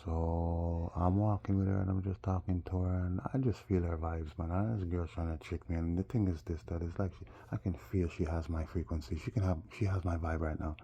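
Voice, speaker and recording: A man's voice: low-pitched, steady tone, a little fast, vocal fry, few pauses, mellow, muffled recording. A man from Jamaica with a Jamaican accent, rambling through a casual story and calling his viewers "people". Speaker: vlogger.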